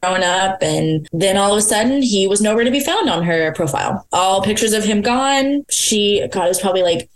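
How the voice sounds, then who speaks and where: A woman's voice: medium pitch, animated, normal speed, few pauses. A young adult woman telling a personal story on a podcast in a candid, conversational way, often quoting what others said. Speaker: podcast guest. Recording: echoey room.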